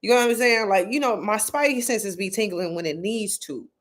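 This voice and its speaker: A woman with a medium-pitched, brisk voice speaks casually to her livestream audience about spirituality. She's a spiritual content creator, blunt and profane, leaning on slang and repetition for emphasis.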